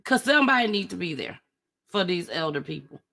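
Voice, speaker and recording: A woman's voice: lowish voice, sing-song, a little fast, creaky, bright, forceful tone. A woman hosting her own show, chatting casually and emphatically as she reacts to news clips. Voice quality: emphatic, repeats phrases for emphasis. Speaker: commentary show host. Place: home studio with green screen.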